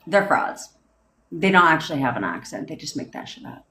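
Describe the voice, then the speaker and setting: A woman's voice: low-pitched, sing-song, a little fast, bright, forceful tone, reverberant, a little hiss or hum. Swearing, laughing woman on a livestream. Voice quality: profane, rambling, laughs often. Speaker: manifestation coach. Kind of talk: casual livestream chat answering comments.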